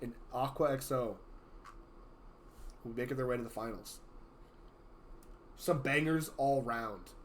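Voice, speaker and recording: A man hosting and casting a live gaming tournament in a casual, chatty way, his voice a little hoarse from being sick, with sudden loud excited outbursts. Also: mid-range voice, slight background noise. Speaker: tournament host and caster. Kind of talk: casual live-stream commentary.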